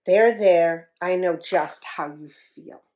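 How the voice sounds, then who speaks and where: A woman's voice: on the high side, expressive, slow pace, darkish tone, highs cut off. A woman voicing a touchy, weepy female hippo goalkeeper who wails and stammers as she talks. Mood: soothing. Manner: wailing, stammering.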